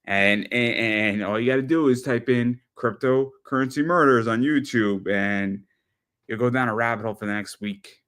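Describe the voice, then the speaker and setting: A man hosting a casual podcast chat, rambling and animated, often repeating words as he tells stories. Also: medium pitch, normal speed. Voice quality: rambling, animated storyteller with frequent stammered repeats. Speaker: podcast host.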